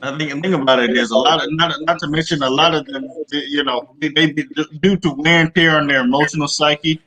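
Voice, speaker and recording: A man co-hosting a casual online group chat, talking in a halting way, repeating words as he searches for them. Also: a little high, fairly even intonation, pushed and bright, rough recording.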